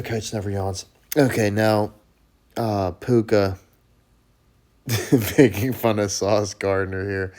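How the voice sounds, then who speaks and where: A man with a low, gravelly voice rambles through a casual sports chat. His tone is dark and mellow, and he swears freely. He keeps calling himself Coach in the third person. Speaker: sports show host.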